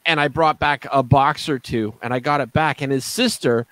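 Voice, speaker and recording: A man's voice: medium pitch, moderate pace, a bit bright, no echo. A man chatting casually on a panel show, telling stories and laughing easily. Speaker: guest panelist. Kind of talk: casual chat.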